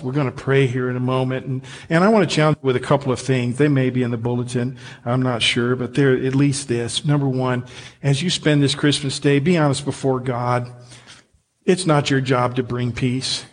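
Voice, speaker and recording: Earnest husky-voiced male pastor. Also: medium pitch. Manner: earnest, gentle preaching with soft pauses. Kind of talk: Christmas sermon and closing prayer. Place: church sanctuary with congregation.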